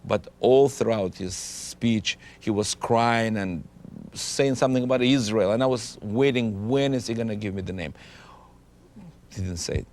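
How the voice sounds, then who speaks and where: Man, low gravelly voice, earnest halting testimony, restarts sentences. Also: a little mellow, a little hiss or hum. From Ukraine. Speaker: interviewee giving a testimony. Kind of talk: personal testimony interview.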